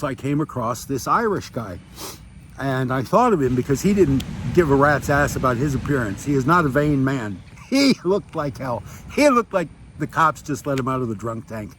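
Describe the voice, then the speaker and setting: A man's voice: medium pitch, a bit bright. A man in his sixties talking casually into a handheld phone on a beach during a bike ride, wry and chatty, with many fillers and restarts and a slight breathlessness from cycling. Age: 60s. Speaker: vlogger. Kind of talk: casual rambling monologue. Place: outdoors on a beach. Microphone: handheld phone at arm's length. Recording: faint outdoor noise.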